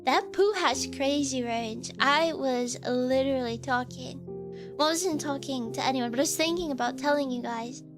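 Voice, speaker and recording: A woman with a high, light voice chats casually on a live stream. She rambles to her viewers, with plenty of fillers and restarts. Soft music plays faintly behind her. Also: normal speed. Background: faint background music.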